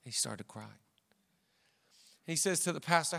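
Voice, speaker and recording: A man's voice: fairly high pitch, lively intonation, normal speed, gravelly, bright, forceful tone, big-room sound. A man pastor preaching a sermon with an emphatic, repetitive cadence.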